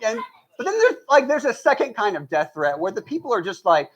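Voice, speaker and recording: A man's voice: high voice, a little fast, highs cut off. A man performing a stand-up comedy set in front of a live audience, telling stories with lots of energy, acting out the people in them and laughing at his own jokes. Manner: animated storytelling, acts out quoted voices, laughs at own jokes. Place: live show before an audience.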